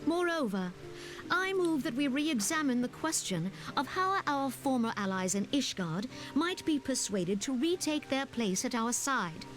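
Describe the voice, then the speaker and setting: Stately female leader, measured and formal, over soft game music. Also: high-pitched, big pitch swings. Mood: earnest. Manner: measured, archaic formal speech. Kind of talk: game cutscene voice acting.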